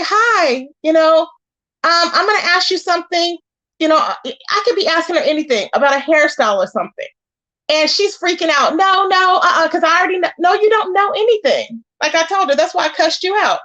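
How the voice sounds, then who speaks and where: A woman, hosting a live stream, commenting casually in an animated and exasperated way as she acts out quoted lines. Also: high-pitched, dull audio.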